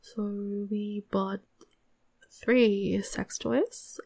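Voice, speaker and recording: A woman's voice: mid-range voice, fairly even intonation, drawn-out words, creaky, a little mellow, no echo. A young woman telling a casual story in a put-on Australian accent, chatty and rambling, giggling between remarks.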